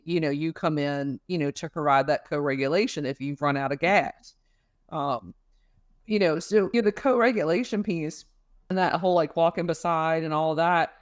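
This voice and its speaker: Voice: mid-range voice, dry recording, clean studio sound. A parenting expert on a podcast, explaining ideas with everyday comparisons and frequent fillers. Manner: thoughtful, explains with everyday analogies, many fillers. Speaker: parenting counselor or expert guest.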